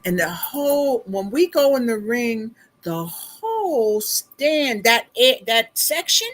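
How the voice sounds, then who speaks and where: Slow-talking middle-aged woman telling stories. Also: mid-range voice. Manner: chatty, animated, laughing, addresses viewers as y'all. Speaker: beauty consultant livestream host. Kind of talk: casual livestream storytelling.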